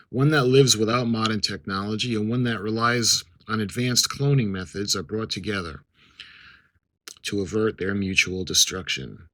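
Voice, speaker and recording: A man's voice: lowish voice, bright, forceful tone, poor audio. A middle-aged man giving casual unboxing commentary, reading captions aloud and adding chatty asides. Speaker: model-kit unboxing vlogger.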